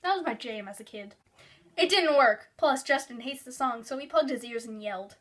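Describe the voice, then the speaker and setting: A giggly young woman vlogger reads her old childhood story aloud and comments on it as she goes. Her voice is high and very bright, and she keeps bursting into exaggerated reactions. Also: normal speed, soft background music. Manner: giggly, with sudden exaggerated outbursts.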